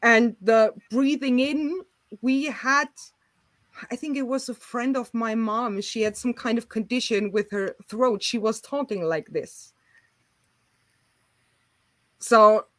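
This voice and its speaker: A woman's voice: a little high, unhurried, dry recording, rough recording. A woman from Germany, chatting casually as host on a group video call, giggling often.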